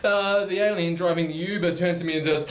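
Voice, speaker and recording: A man's voice: sits high, steady tone, fairly quick, fairly bright tone, slight background noise. A man with an Australian accent rambling through a wild comedic story full of slang. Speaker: client telling a story. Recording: roomy echo.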